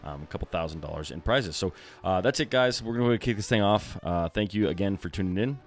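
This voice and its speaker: Fast-talking low-voiced male podcast host. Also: soft background music. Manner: friendly, fast, calls guest brother and man. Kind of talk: casual podcast interviewing.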